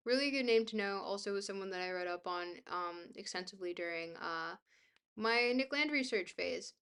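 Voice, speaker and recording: A woman's voice: medium pitch, a bit bright, clean tone. A woman on a livestream reading a book aloud, tripping over hard words and breaking off for blunt, offhand asides. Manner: stumbles over hard words and restarts them.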